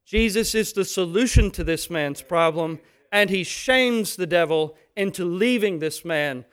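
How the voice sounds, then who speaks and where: A man with a high-pitched voice preaching a sermon. He speaks emphatically and with animation, now and then acting out little scenes to make his point. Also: measured pace, fairly bright tone, clear, resonant tone.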